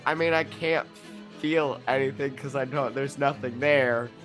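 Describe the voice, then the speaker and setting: A man at a tabletop game who speaks slowly and haltingly, his sentences trailing off. His voice sits at a middle pitch, with faint music underneath. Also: fairly even intonation, fairly bright tone. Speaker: player. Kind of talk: playing a character in a tabletop game.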